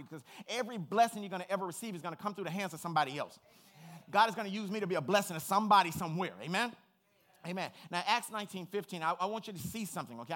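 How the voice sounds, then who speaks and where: High bright-voiced male preacher. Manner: emphatic, repeats phrases, rises to shouting fervor. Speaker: pastor. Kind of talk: sermon.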